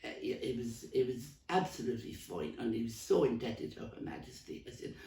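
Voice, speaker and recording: Male actor as a gabby old Dublin stall lady, smoker's rasp, dark tone, distant roomy mic. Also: mid-range voice, sing-song, moderate pace. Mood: gossipy. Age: older. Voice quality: gravelly, coughing heavy smoker. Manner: rambling, stumbling storyteller with many restarts. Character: elderly Dublin woman market stall trader, chatty, rambling. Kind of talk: comic character monologue.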